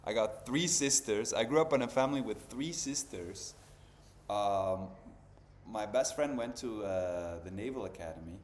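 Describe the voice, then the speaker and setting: A man's voice: on the low side, unhurried. A man in his thirties hosting a podcast, chatting casually in a loose, slangy way full of "bro" and "dude". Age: 30s. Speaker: podcast host. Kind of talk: casual chat. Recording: echoey room with faint ambient noise.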